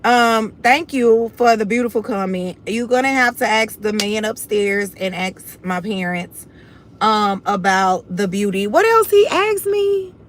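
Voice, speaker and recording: Her voice is mid-range and steady, and she talks at a measured pace amid slight background noise. She's a young woman from Houston, Texas with a Southern Houston accent, confidently and bluntly chatting with her livestream viewers, whom she calls "y'all."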